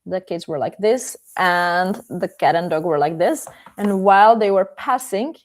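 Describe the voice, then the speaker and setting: A woman's voice: fairly low pitch, unhurried, slight background noise. A woman with a Czech accent, a language teacher telling a live bedtime story in a playful, hesitant way with many fillers.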